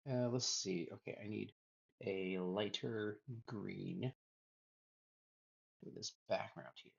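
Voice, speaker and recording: A man's voice: fairly low pitch, fairly even intonation, takes it slowly, creaky, slightly rough, lo-fi sound. A man streaming himself drawing, muttering to himself as he works and chatting with viewers. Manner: mutters to himself while working, then greets chat. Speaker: illustration livestreamer. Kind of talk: casual chat while drawing on stream.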